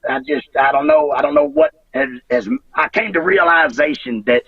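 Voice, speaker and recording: Gravelly, emotional man in his fifties. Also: fairly high pitch, no echo, distant mic, lo-fi sound. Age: 50s. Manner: halting, repeats words, swears freely, emotional. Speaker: retired wrestler, interview guest. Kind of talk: emotional interview over a call.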